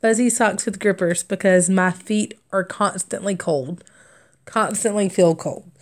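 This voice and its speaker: A woman's voice: medium pitch, measured pace. A young adult woman hosting a craft livestream, chatting casually and rambling through stories with frequent laughter and fillers. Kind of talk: casual storytelling chat while stitching.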